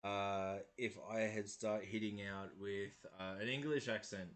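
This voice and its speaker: A man in his thirties with a somewhat low voice and a faint Maori accent that shows mostly in his R's. He hosts a relaxed livestream and chats loosely. He rambles, corrects himself mid-sentence and chuckles often. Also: unhurried. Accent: slight Maori, mostly in the R's. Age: 30s. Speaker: host of a miniature painting stream. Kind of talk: casual livestream chat.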